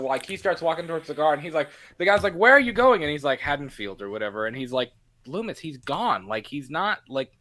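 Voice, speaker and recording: A man's voice: fairly high pitch, a bit bright. A man co-hosting a casual movie podcast, talking animatedly and acting out lines from the film in little voices. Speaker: podcast co-host.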